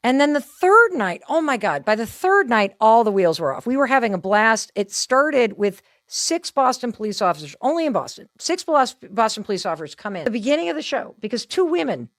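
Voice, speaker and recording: A woman in her fifties, telling stories in a casual chat in an animated, self-deprecating way and acting out what people said. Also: on the high side, a little fast, hardly any pauses, no room sound, studio quality. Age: 50s. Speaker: guest.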